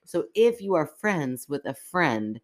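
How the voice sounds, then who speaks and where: A woman's voice: low-pitched, sing-song, measured pace. A woman co-hosting a podcast in casual chat, joking and laughing often. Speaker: podcast co-host.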